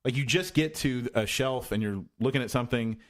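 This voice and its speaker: A man's voice: medium pitch, brisk. A man co-hosting a podcast in casual chat, rambling with many restarts and fillers. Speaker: podcast co-host.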